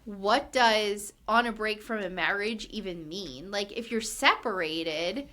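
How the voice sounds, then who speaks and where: A woman's voice: medium pitch, measured pace, a bit bright. A woman co-hosting a podcast, recapping a reality show in casual chat, with lots of "like" and acted-out quotes. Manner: chatty, fillers of "like", acts out quotes with rising exasperation.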